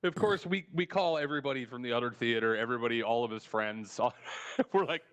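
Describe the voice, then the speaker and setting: A man hosting a casual podcast, telling stories in a profane, lively way and acting out the people in them. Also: mid-range voice, fairly quick, clear, resonant tone, highs cut off. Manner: profane, animated storyteller who acts out quoted people. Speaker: podcast host. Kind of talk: casual storytelling chat.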